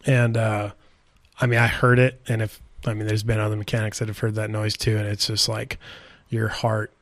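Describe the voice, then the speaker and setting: A man's voice: fairly low pitch, moderate pace, dry recording. A man from South Dakota, a bike race mechanic, telling stories in a laid-back, casual way on a podcast, full of "like" and "dude". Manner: laid-back, heavy on "like" and "dude", animated retellings. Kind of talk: casual storytelling interview.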